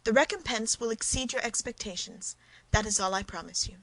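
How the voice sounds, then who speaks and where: A woman's voice: a little high, a little fast, no room sound, low-quality recording. A woman voicing a fiery young wife. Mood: indignant. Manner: indignant, forceful. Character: passionate young woman of twenty-three, loyal to her queen.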